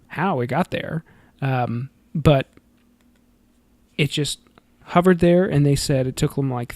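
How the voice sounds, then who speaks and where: A man with a fairly high voice chats loosely on a film review podcast. He giggles and rambles, filling gaps as he goes. The sound is dry and close. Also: darkish tone, dry recording. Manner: giggly, rambling, many fillers. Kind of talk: casual chat.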